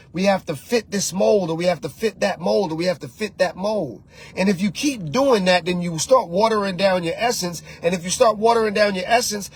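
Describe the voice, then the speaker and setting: A man's voice: high-pitched, breathy edge. A man hosting his own channel as a life coach, talking in a preachy, repetitive, conversational way and urging the listener. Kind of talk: motivational monologue.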